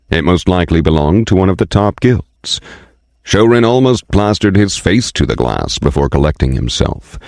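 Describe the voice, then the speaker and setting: Male audiobook narrator, very low voice, dry close mic, steady storytelling. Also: gravelly, dry recording.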